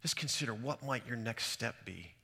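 A man's voice: medium pitch, animated, normal speed, vocal fry, pushed and bright, breathy edge. A middle-aged man, a pastor, preaching a sermon and telling personal stories in an earnest, reflective way, recorded on a stage mic in a large church hall. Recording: hall reverb.

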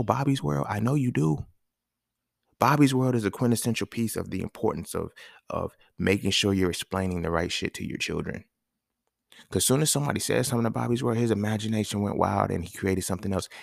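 A man's voice: fairly low pitch, creaky, dry recording, clean studio sound. A man hosting a podcast, talking in a casual, emphatic monologue full of slang and swearing, often checking in with his listeners. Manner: emphatic, slangy, profane, asks listeners questions. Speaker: podcast host.

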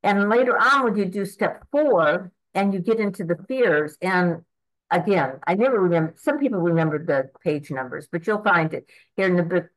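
A woman's voice: on the low side, lively intonation, normal speed, low-quality recording. A woman of eighty giving an earnest, rambling personal testimony at a recovery meeting, with frequent restarts and fillers. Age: 80s.

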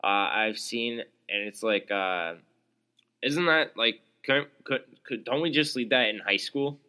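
A man's voice: mid-range voice, animated, unhurried, sharp tone, clear, resonant tone. A young man hosting his own podcast alone, ranting in an exasperated, sarcastic way with lots of fillers and restarts. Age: young adult. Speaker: podcast host.

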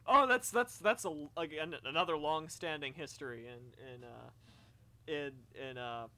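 A man chatting casually during a movie commentary, excitable, laughing often and tripping over repeated words. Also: fairly high pitch, normal speed.

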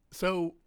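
A man co-hosting a podcast in casual chat, joking and rambling, laughing often. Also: high-pitched. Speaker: podcast co-host.

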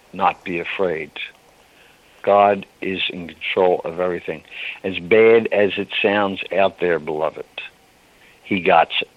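Male radio ministry host, low voice, slow and emotional, muffled lo-fi radio sound. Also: dry recording. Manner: slow, tender and pleading, emotional. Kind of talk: devotional radio talk. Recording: dull lo-fi radio broadcast.

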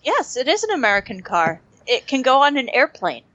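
A woman's voice: sits high, wildly swooping pitch, a bit bright, dull audio. Laughing woman at a tabletop game. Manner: laughs often, quick offhand explanations. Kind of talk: casual tabletop role-play.

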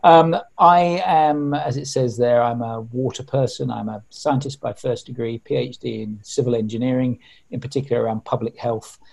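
A man's voice: mid-range voice, fairly even intonation, moderate pace, creaky, a little mellow, low-quality recording. A middle-aged man introducing himself as an investor on a video call, genial and self-deprecating, with fillers. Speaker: investor panelist.

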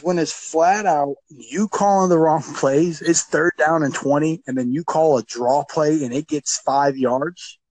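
A man's voice: fairly high pitch, no room sound, low-quality recording. A man who coaches youth football, talking casually and emphatically on a podcast, often repeating words as he gets going.

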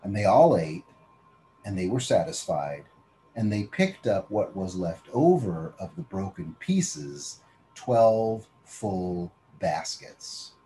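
A man preaching a Bible teaching sermon. He reads scripture slowly, then explains it in plain conversational talk and invites listeners to picture themselves in the story. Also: lowish voice, very animated, dark tone, slight background noise, low-quality recording.

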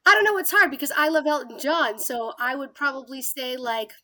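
A woman's voice: high-pitched, expressive, fairly quick, pushed and bright. A woman co-hosting a chat podcast, talking in a chatty, upbeat, rambling way. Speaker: podcast co-host. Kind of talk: casual chat.

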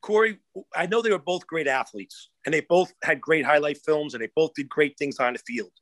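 A high, bright male voice moves at a quick clip. He is a middle-aged former football coach spinning animated stories as a podcast guest. The sound is close and dry. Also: no room sound. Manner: animated storyteller who acts out the people he quotes. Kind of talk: casual storytelling in a podcast interview.

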